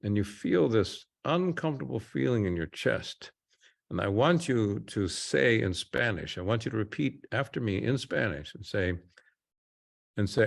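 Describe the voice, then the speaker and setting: Low gravelly male therapist. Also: expressive. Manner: slow, soothing guided instructions. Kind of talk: guided therapy session.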